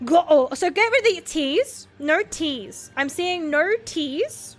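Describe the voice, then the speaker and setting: Giggly, sweary high-voiced woman streamer. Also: lively intonation, unhurried, hardly any pauses, fairly bright tone, faint music behind. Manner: giggly and sweary, chats with viewers between lines. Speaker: vtuber streamer. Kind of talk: casual reading of horror stories on a stream.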